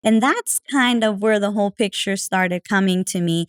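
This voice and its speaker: A woman in a casual podcast conversation, talking in a chatty, animated way and slipping into the voices of people she quotes. Her voice sits at an ordinary pitch and is recorded close and dry, with no room sound. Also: moderate pace, hardly any pauses, clean tone, dry recording. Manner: chatty, full of fillers like "like" and "you know"; animated, acting out quoted remarks. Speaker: podcast guest.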